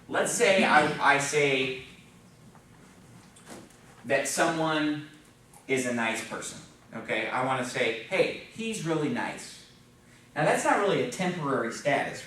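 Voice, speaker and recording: A man's voice: medium pitch, a bit bright, a little hiss or hum. A man teaching a Spanish class in a classroom, patiently explaining grammar and checking in with "okay?" and "right?" as he goes. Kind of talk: classroom lesson at a whiteboard. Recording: very echoey room, voice from far off.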